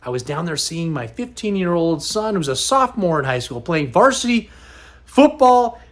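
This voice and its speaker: Upbeat high-voiced man hosting a vlog. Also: big pitch swings, moderate pace. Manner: upbeat, rambling and conversational. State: tired, slightly worn voice. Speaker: host. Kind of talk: casual vlog chat.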